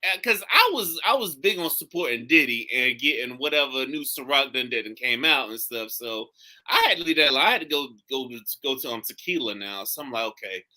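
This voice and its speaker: A man's voice: medium pitch, fairly quick. A man hosting a podcast, telling jokey stories in loose casual chat full of swearing. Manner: animated, swearing, jokey storytelling. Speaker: podcast host. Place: recording studio.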